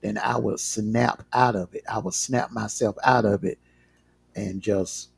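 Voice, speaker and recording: A man's voice: fairly low pitch, steady tone, unhurried, creaky, breathy edge, no echo. A man frankly telling his own relationship story on a livestream, often repeating words as he gathers his thoughts. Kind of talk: casual personal storytelling.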